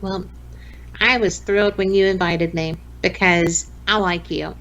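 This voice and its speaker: A woman in her late fifties with a Southern US accent, a radio host chatting as a podcast guest, folksy and quick to laugh. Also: on the low side, steady tone, fairly bright tone, dull audio. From American South. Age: 50s. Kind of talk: casual interview chat.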